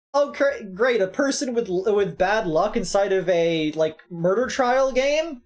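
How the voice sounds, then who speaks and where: A woman's voice: mid-range voice, animated, a little slow, hardly any pauses, a little mellow, slight background noise. A woman chatting casually and joking through a game play-through. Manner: joking, teasing. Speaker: streamer.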